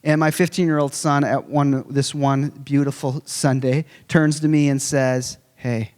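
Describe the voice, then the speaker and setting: A man in his forties, giving a conference lecture in a conversational, animated way with humorous storytelling. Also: a little high, moderate pace, clear, resonant tone. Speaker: conference speaker. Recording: long reverb of a large hall.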